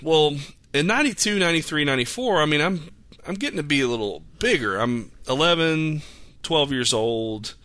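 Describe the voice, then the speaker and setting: A man's voice: fairly high pitch, expressive, normal speed, fairly bright tone, no room sound. A man, rambling through childhood stories in casual chat as a podcast host. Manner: rambling, self-correcting storyteller.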